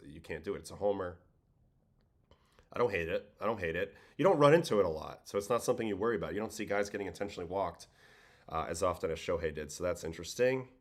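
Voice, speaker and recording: A tired man from Brooklyn with a faint New York-Boston accent, hosting a casual livestream chat and answering viewer questions aloud. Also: sits low. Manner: relaxed, conversational, reads chat questions aloud. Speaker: livestream host, former pitcher.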